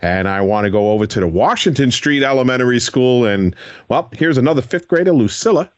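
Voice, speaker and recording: Male radio host, animated pitch, dry studio sound, interviews kids with encouraging follow-ups. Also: brisk, dry recording. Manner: encouraging, asks children gentle follow-up questions.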